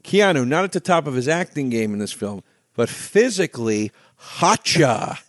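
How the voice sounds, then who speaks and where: A man chatting through a movie in loose, comic podcast banter, rambling from one thought to the next. His voice sits at an ordinary middle pitch. The sound is dry and close, with no room around it. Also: a little fast, no room sound. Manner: rambling, animated, mock-shouting impressions. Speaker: podcast co-host. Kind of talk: casual comedic movie chat.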